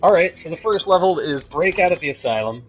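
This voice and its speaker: A man's voice: on the high side, animated, a little fast, a little hiss or hum. A man giving jokey, sarcastic commentary while streaming a video game. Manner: jokey, sarcastic, laughs often. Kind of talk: casual gameplay commentary. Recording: dull lo-fi stream audio.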